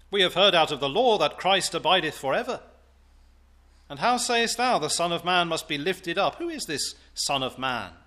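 A man preaching in church, reading scripture aloud in a solemn, deliberate way before his sermon. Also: fairly high pitch, pushed and bright. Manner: slow, solemn, deliberate delivery.

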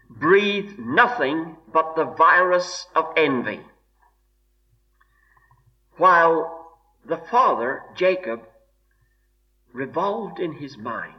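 A man preaching an expository sermon in a slow, measured way, weighing each word with deliberate emphasis. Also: on the high side. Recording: dull lo-fi recording.

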